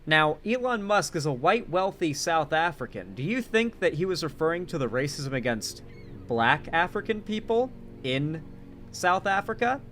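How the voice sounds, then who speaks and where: Soft background music plays as a young man talks politics casually, sarcastic and full of energy. His fairly high voice moves at normal speed, swinging from loud stresses to quiet asides.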